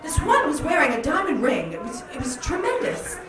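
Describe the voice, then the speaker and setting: A woman doing a stand-up comedy set, animated and jokey, in a comedy club with an audience. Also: sits high, fairly quick, over loud music. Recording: echoey club from far off, loud crowd. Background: audience laughter.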